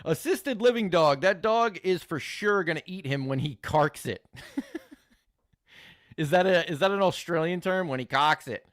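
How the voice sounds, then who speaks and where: A man's voice: fairly high pitch, lively intonation, unhurried, fairly bright tone, dry recording, clean studio sound. A man hosting a live stream, chatting casually with viewers in a crude, joking, rambling way, swearing often. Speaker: streamer host reacting to videos.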